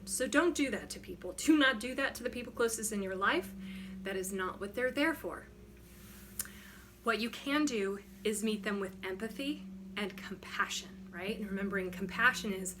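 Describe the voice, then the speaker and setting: A woman's voice: mid-range voice, background noise. A woman wellness coach talking casually and frankly to the camera, emphatic and often checking in with "right?". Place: home studio.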